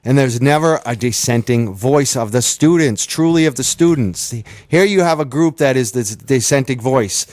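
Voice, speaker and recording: A man's voice: mid-range voice, moderate pace, few pauses, a little mellow, dry recording, clean studio sound. A man co-hosting a talk radio show, arguing his views earnestly and bluntly. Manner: earnest, opinionated, swears. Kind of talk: casual talk radio chat.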